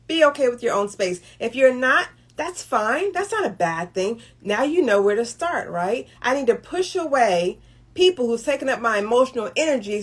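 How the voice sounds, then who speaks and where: A middle-aged woman hosting a motivational talk on relationships, speaking conversationally and often checking in with "right?". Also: fairly high pitch. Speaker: host.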